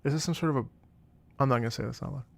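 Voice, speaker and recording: A young man on a casual livestream, rambling through anecdotes and breaking into loud laughter. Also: mid-range voice, rapid-fire, gravelly. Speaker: streamer reacting to game music. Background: game music playing.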